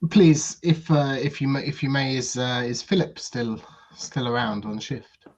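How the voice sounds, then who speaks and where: A man voicing a smooth, schmoozing French hotel guest in a put-on thick French accent, halting and overly polite. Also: medium pitch, a little mellow, natural voice.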